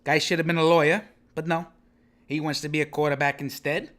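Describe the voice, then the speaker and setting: A man's voice: fairly high pitch, level tone, fairly quick, a bit bright. A man hosting a comedic sports podcast, rambling in brash wise-guy banter and tossing in "okay?" after his picks. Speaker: podcast host.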